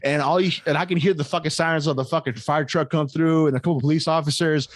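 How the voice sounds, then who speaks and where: A young man co-hosting a podcast, telling a story in casual chat, animated and full of swearing. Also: a little high, fast, no room sound. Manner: animated, heavy swearing, laughs between lines. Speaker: podcast co-host.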